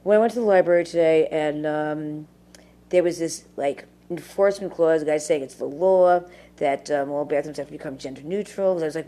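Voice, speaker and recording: A woman's voice: sits low, normal speed, mellow. A woman ranting casually to camera in a rambling, profane way, full of fillers. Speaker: vlogger.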